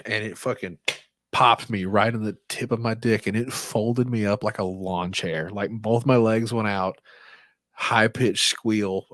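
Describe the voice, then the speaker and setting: A man co-hosting a podcast, telling a crude story in a loose, animated way and swearing a lot. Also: lowish voice, dry recording. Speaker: podcast co-host. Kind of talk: casual storytelling chat.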